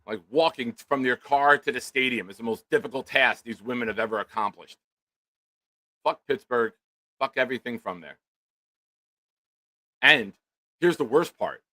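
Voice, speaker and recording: A middle-aged man, a co-host telling a profane, comedic story in loud, animated rants. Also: mid-range voice, moderate pace, pauses often, no echo, poor audio. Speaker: podcast co-host.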